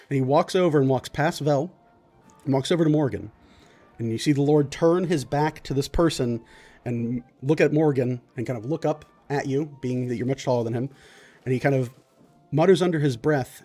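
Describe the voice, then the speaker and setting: This is a male game master narrating a tabletop role-playing session, describing the scene piece by piece and often pausing and restarting. His voice is mellow and dark at a middle pitch, with faint music underneath.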